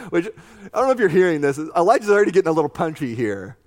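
A man delivers a sermon in a higher-pitched voice, moving between scripture reading and lively, conversational commentary. He talks to his listeners directly and slips in jokey asides. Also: quick pace. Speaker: pastor.

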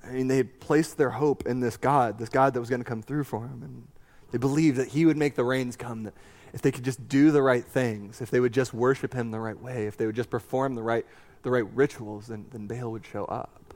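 A man preaching a sermon, reading scripture and adding animated, conversational asides with a joking streak. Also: medium pitch, fairly quick. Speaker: pastor.

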